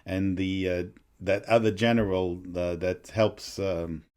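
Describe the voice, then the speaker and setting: Halting low-voiced man talking movies. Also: steady tone, a little mellow, smooth. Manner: halting, full of restarts and fillers, fond of favorite lines. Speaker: podcast co-host, the father. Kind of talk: casual movie chat.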